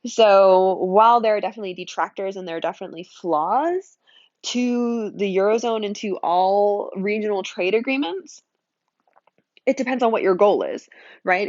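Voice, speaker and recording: A woman's voice: mid-range voice, a little mellow, no room sound, muffled recording. A woman teaching a casual, chatty lecture, talking conversationally with many fillers and asides.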